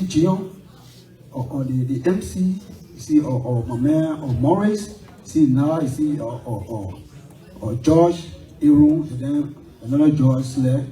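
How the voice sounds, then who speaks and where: A middle-aged man with a Liberian English accent gives a halting, repetitive, emotional eulogy at a memorial gathering. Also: mid-range voice, mellow. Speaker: memorial speaker. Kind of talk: tearful eulogy. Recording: roomy hall from far off, faint music.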